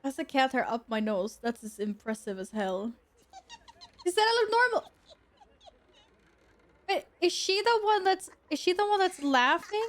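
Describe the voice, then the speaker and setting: A woman's voice: sits high, moderate pace, few pauses. A young woman streamer giving casual gameplay commentary, chatty and easily amused, talking back to the game.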